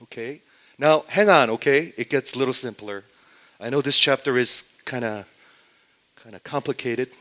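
A man preaching to his congregation in a voice of ordinary male pitch. He swings from loud, emphatic declarations down to near-hushed asides and keeps checking in with rhetorical questions. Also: normal speed. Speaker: pastor. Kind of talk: sermon.

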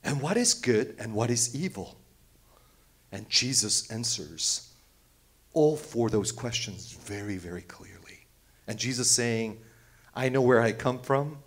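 A man preaching a sermon, asking the congregation rhetorical questions, swinging from loud outbursts to hushed near-whispers. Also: on the low side. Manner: rhetorical questions, repeats phrases.

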